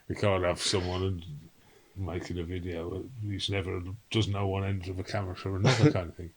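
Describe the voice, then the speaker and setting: A man's voice: low-pitched, level tone, fairly quick, crowd noise, rough recording. A man, a guest in a casual interview, telling rambling stories laced with swearing. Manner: rambling storyteller, salty swearing, acts out quotes.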